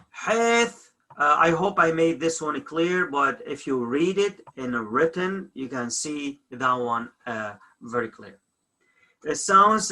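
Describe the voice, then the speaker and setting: A man's voice: on the high side, sharp tone. A man teaching a language lesson, repeating each example word and often correcting himself.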